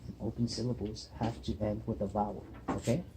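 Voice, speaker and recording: A man's voice: fairly low pitch, level tone, brisk. Patient man teaching in a noisy classroom. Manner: patient, checks in with "okay?" and "right?". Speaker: student teacher. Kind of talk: one-on-one reading lesson. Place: table at the back of a busy classroom. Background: classroom chatter.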